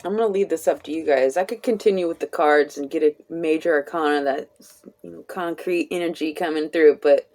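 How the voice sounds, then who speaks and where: This woman, a tarot reader, has a low-pitched, darkish voice. She gives a relaxed live reading with a slow, drawn-out delivery, chatting away, laughing a lot and swearing casually.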